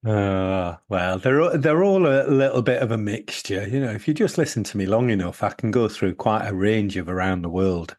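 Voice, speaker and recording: A man's voice: on the low side, normal speed, few pauses, a little mellow. A middle-aged man co-hosting a podcast, making wry jokes in casual chat. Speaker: podcast co-host.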